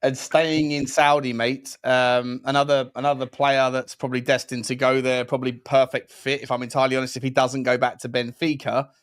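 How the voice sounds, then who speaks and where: A man's voice: medium pitch, flat delivery, fairly quick, hardly any pauses, clear, resonant tone, no room sound. Male co-host, dry close mic, loose rambling delivery, calls people mate. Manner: rambling, restarts, addresses viewers and co-host as mate. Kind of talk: casual football chat.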